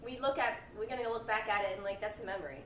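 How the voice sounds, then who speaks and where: A woman co-hosting a podcast tells stories in rapid-fire fashion, her voice mid-range, with crowd noise in the background. Her casual chat rambles and is packed with fillers.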